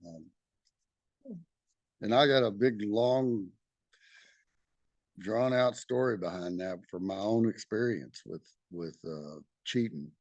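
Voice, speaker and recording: A middle-aged Texan man leading a study group, reading aloud and sharing his own experience in a candid, halting way, with many fillers and restarts. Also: on the low side, darkish tone, no room sound, dull audio. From Texas.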